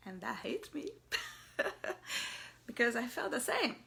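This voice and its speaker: A mother telling a personal story in a soft, halting voice that often drops to a whisper. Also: fairly high pitch, big pitch swings, creaky, slight background noise. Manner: halting, searching for words.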